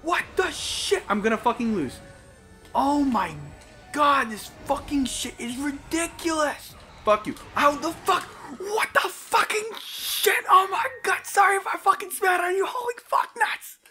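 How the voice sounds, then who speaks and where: A man's voice: very high voice, lively intonation, moderate pace, sharp tone, faint music behind. A young man co-hosting a let's play, ranting profanely and in exasperation at the game. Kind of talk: gaming commentary.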